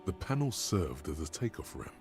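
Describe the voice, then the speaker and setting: An actor playing a game's narrator, delivering measured, descriptive scripted narration. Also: male voice, low-pitched, sing-song, darkish tone, soft background music. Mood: grave. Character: grave, deep-voiced male game narrator. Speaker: game narrator.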